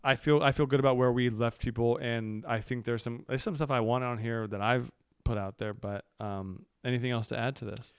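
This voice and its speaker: Smooth-voiced rambling podcast co-host. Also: male voice, mid-range voice, steady tone, brisk, hardly any pauses, no room sound, studio quality. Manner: rambling, loose, full of restarts. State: out of breath. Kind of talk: casual podcast chat.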